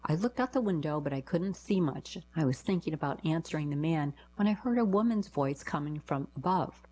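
Woman, deep voice, husky, reading short personal stories aloud, lifts quoted lines. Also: a little fast, hardly any pauses, a little mellow, rough recording. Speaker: reader of short personal anecdotes.

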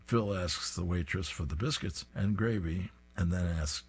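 A man's voice: low-pitched, measured pace. A man reading comic strips aloud, describing each panel with an amused tone. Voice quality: husky.

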